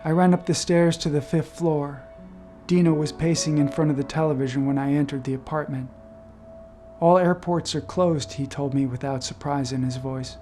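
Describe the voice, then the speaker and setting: A man reading aloud a personal essay he wrote, recounting it in a measured, subdued first-person voice. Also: on the high side, flat delivery, mellow, soft background music. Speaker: essay author reading his own memoir.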